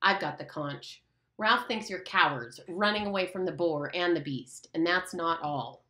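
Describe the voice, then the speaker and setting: A woman's voice: fairly low pitch, unhurried, pushed and bright, reverberant. A woman voicing a proud, hot-tempered boy who leads the hunters, bossy and defiant in an audiobook reading.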